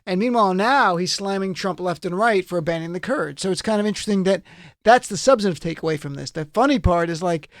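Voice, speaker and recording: Male host for panel talk show; high-pitched, lively, laughs a lot. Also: no echo, clean studio sound. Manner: animated, quick to laugh.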